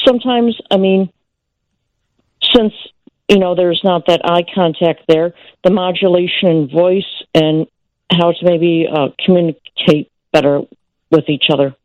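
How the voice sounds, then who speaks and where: A woman's voice: on the low side, darkish tone, dry recording. A woman calling into a radio show, hesitant and searching for her words. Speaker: caller. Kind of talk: radio call-in question. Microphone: phone. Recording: dull dry phone audio.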